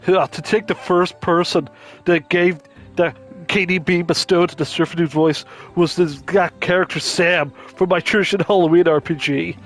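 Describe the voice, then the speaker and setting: Playful high-voiced male game streamer. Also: steady tone, normal speed, soft background music. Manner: playful, jokey, rambling with fillers. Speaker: streamer and host. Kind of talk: casual gameplay commentary.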